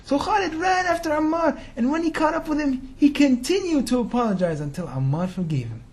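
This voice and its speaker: A man's voice: very high-pitched, big pitch swings, brisk, darkish tone. A man telling a religious story in a sermon, talking casually and slangily and firing rhetorical questions at his listeners. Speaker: preacher.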